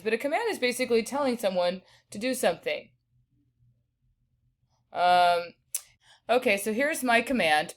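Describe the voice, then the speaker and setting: Patient woman teacher explaining grammar. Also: medium pitch. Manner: patient, checks in with "right?" and "okay". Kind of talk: grammar lesson for students.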